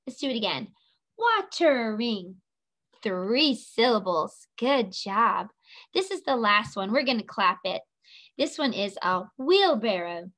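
Slow sing-song preschool teacher woman. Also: fairly high pitch, fairly bright tone. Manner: slow, sing-song, stretching words for children. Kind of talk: online preschool lesson.

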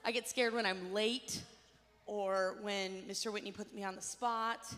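A woman's voice: mid-range voice, fairly even intonation, a little slow, fairly bright tone. A woman leading a children's chapel talk, calling on kids by name and coaxing them to repeat lines back to her. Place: school chapel or church hall. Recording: hall reverb.

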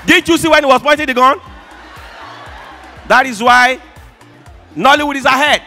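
A man with a Nigerian accent doing stand-up comedy on an awards show stage, shouting punchlines and mimicking squealing fans. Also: very high voice, moderate pace, creaky, faint music behind.

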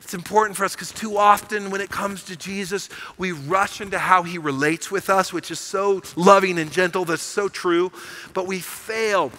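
A man's voice: high-pitched, fairly even intonation, moderate pace, pushed and bright, a little hiss or hum, rough recording. A middle-aged man preaching a sermon as pastor, telling a story with animation and building to emphatic proclamations. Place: church sanctuary.

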